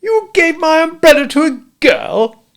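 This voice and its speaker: A man voicing an indignant young gentleman who shouts in high, exasperated outbursts. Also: big pitch swings, normal speed. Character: pink indignant young man, flustered, whining.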